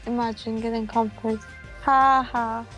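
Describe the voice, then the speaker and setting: A woman's voice: a little high, little pitch movement, a little slow, music in the background, low-quality recording. A woman co-hosting a game playthrough, bossy and teasing, mock-insulting her partner between reading lines. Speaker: let's play co-host. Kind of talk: casual game chat, reading character lines aloud.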